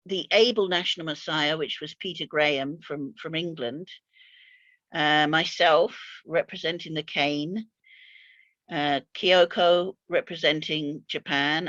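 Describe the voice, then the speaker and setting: An older woman with a lowish voice recalls the past at a very slow, halting pace, often trailing off into fillers and repeating herself. The recording is dull and very dry. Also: fairly bright tone, no echo. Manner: hesitant, many fillers and repeated words. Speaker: interview guest recalling mission years. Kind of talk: unhurried reflective storytelling.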